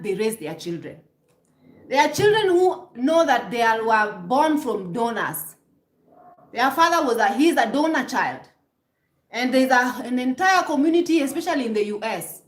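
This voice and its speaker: In an echoey room, a woman from Kenya talks a little slowly in a high, sing-song voice. Her to-camera monologue is relationship advice delivered in an emphatic, preachy way, with rhetorical "hmm?" prods and many false starts.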